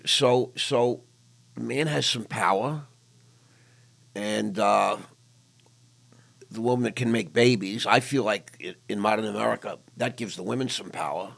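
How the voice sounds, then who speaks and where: Gravelly deep-voiced older man. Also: measured pace, pauses often, a bit bright. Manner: blunt, candid storytelling. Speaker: podcast host. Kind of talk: casual interview chat.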